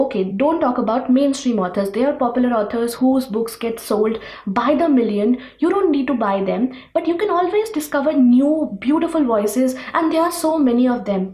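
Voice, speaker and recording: A woman's voice: high-pitched, mellow, roomy sound, rough recording. A woman with an Indian English accent, a book vlogger, talking to camera in an emphatic, earnest way and asking her viewers rhetorical questions. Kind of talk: rant-style vlog talk to camera.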